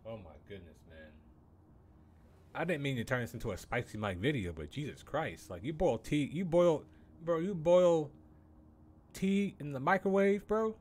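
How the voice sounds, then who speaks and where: A man's voice: fairly high pitch, animated, moderate pace, darkish tone. A young man ranting casually on a game live stream, incredulous and profane, calling everyone "bro".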